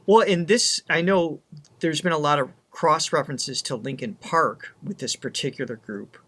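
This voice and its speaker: A man's voice: on the high side, normal speed, a bit bright. A man co-hosting a music reaction, talking casually and enthusiastically, often restarting his sentences. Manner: enthusiastic, chatty, many restarts. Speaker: vocal coach co-host.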